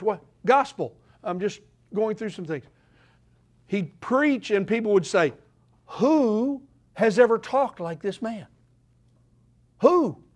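An older man delivers a sermon in a high-pitched voice. He puts questions to the congregation and swings from loud declarations to quiet asides.

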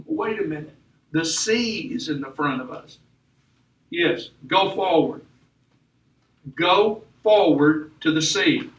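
A pastor preaches a sermon in a church with a slightly high, somewhat bright voice and an unhurried pace. His emphatic delivery rises and falls, and the echoey church room is recorded from far off.

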